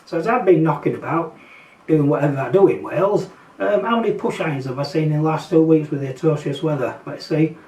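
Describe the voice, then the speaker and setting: A man's voice: a little high, animated, fairly quick, a little mellow. A man with a Yorkshire accent, ranting bluntly and sarcastically in a casual vlog, rambling with fillers and mocking asides. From Yorkshire, England. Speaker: vlogger. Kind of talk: casual opinion rant. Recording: roomy echo, distant from mic.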